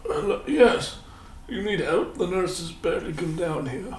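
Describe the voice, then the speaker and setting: A man doing a slow, wry ancient doll maker. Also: sits high, animated, pitched above the performer's own voice. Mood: dry. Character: frail ancient old male doll maker. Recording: roomy, distant mic, audible hiss.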